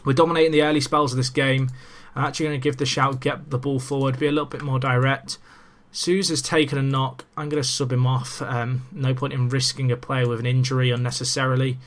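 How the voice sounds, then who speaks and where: A young man in casual let's-play commentary, chatty and excitable with self-mocking asides, talking into a desk microphone. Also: mid-range voice, fast talker, hardly any pauses. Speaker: gaming commentator.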